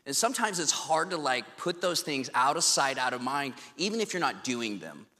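A man's voice: mid-range voice, normal speed. A man pastor preaching a sermon in a church, casual and joking, telling stories with plenty of fillers. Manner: casual, joking, animated storytelling. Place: church sanctuary. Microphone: handheld mic. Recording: echoey hall, long reverb.

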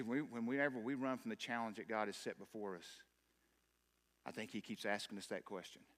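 A man's voice: on the low side, steady tone, a little fast, a bit bright. Impassioned male preacher in an echoing hall. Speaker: pastor. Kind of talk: sermon. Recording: long hall reverb.

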